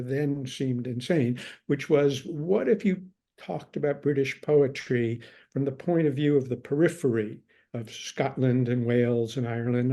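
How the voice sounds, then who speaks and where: An older man, a scholar being interviewed, telling long wry stories about his past and acting out what others said. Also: mid-range voice. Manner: wry anecdotal storyteller, quotes others in lively tones. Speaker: guest scholar. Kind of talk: relaxed storytelling in conversation.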